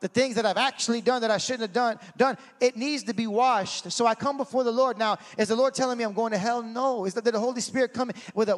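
A man preaching a sermon in an animated way, acting out scenes and swinging from shouting to a hush. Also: very high voice. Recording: hall reverb.

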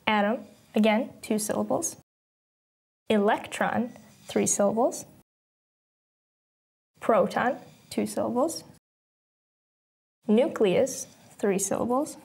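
A young woman teaching an English lesson, explaining patiently step by step and sounding out words slowly. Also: a little high, gravelly, a little mellow, husky. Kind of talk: recorded lesson narration.

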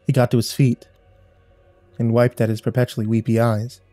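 A man reads a horror story at an unhurried, somber pace, his voice dark and mellow. Faint music plays under the narration. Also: mid-range voice, little pitch movement. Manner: measured, somber storytelling with quiet dialogue reads.

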